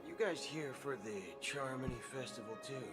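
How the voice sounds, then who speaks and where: An actor playing a menacing cowboy gunslinger who talks with a drawling, theatrical swagger. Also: male voice, medium pitch, normal speed, fairly bright tone, soft background music, close to an everyday voice. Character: menacing gunslinger cowboy man, awkward and scheming.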